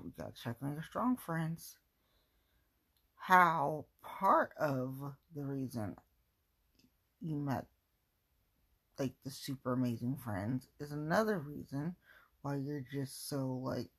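A low, husky voice belongs to a woman from around Cincinnati, vlogging casually at home as she goes through her things. She rambles, pokes fun at herself, and throws out exasperated rhetorical questions.

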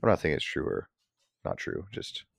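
A man's voice: normal speed, no echo, studio quality. A man in casual chat, skeptical and sardonic, swearing freely.

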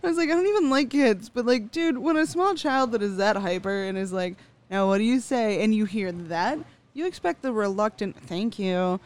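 Animated, foul-mouthed woman telling stories. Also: brisk. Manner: animated storyteller, swears freely, acts out quotes with big jumps in pitch; laughs often between lines. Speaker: podcast co-host. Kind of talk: casual chat.

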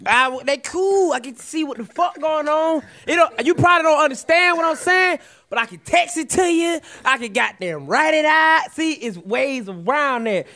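A man with a Southern US accent and a very high, bright, forceful voice riffs on a comedy podcast. He tells stories loudly and animatedly, often breaking into shouts and laughter. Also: lively intonation, moderate pace, hardly any pauses. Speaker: podcast co-host. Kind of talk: comedic riffing podcast banter.

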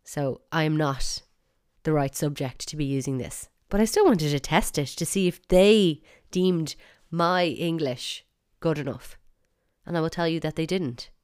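Low, smooth-voiced Irish woman podcaster. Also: unhurried, darkish tone. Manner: wry, mock-outraged, chatty. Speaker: podcast host. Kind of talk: solo podcast monologue.

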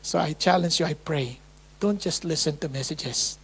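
A woman's voice: deep voice, moderate pace, breathy edge. A woman from the Philippines with a Filipino accent, preaching a testimony in a sermon and acting out her own past prayers with dramatic quoted lines. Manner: swings between hushed and loud.

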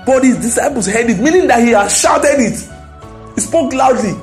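A high-pitched man preaching. He drives each point home, climbing into loud declarations, with soft music faint in the background. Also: lively intonation, normal speed. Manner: emphatic, rising to loud declarations. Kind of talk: sermon.

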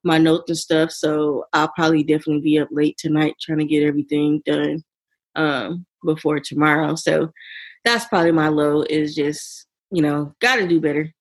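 A woman's voice: low voice, fairly even intonation, normal speed. A woman chats casually as a podcast co-host. She talks in an upbeat, rambling way, full of fillers and asides. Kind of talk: casual chat.

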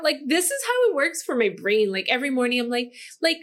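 Woman, podcast host in Hawaii, bubbly and giggly, lots of "like" fillers, fairly high voice. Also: very animated, brisk, a bit bright. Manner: bubbly, laughs often, many "like" fillers. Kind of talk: casual motivational talk. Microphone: microphone.

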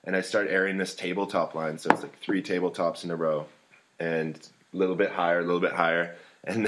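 A man's voice: low-pitched, fairly bright tone. A man in casual chat, telling a self-mocking story in a laid-back way.

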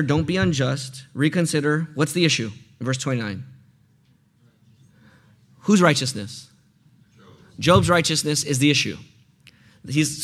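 A man's voice: a little high, fairly bright tone. A man preaching a sermon, walking through a passage and asking his listeners questions to fill in the blanks. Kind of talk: sermon teaching.

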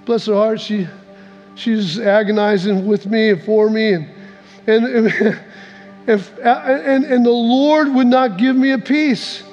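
A man's voice: steady tone, takes it slowly, darkish tone, muffled recording. A male pastor telling a personal story in a sermon, acting out what people said with big swings in voice. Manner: storytelling, acts out quotes with big swings in pitch. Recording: echoey hall with faint music.

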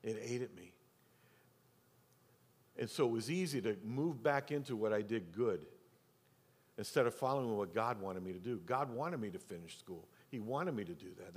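This husky, medium-pitched man is a middle-aged pastor sharing a personal story from the pulpit of a church sanctuary, where the hall reverberates. He performs the quoted voices of the people involved and goes nearly to a whisper for emphasis.

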